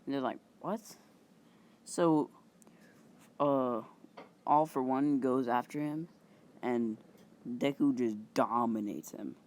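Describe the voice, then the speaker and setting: A male channel host improvises a story casually, halting and rambling, with many fillers and a bit of mild swearing. His voice is mid-range.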